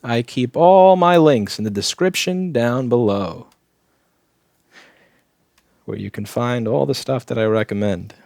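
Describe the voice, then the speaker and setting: A mid-range, slightly mellow voice with vocal fry moves a little slowly through long pauses, and the host's throat is a little sore. In clean studio sound with no room sound, the electronics technician narrates a live repair, joking offhandedly as he works and replies to chat.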